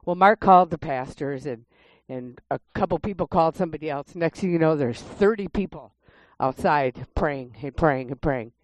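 Low-voiced woman giving church testimony. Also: normal speed. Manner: lively storyteller who acts out quoted voices. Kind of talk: church testimony and spoken prayer.

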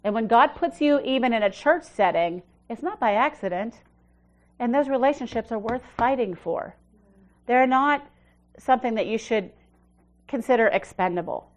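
A woman pastor, middle-aged, preaching in a loose, conversational way. She leans hard into her main points and then sinks to a quiet, low voice for personal asides. Her sentences often restart midway as she works out what to say. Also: expressive, moderate pace. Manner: swings from emphatic to soft and low. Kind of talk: sermon.

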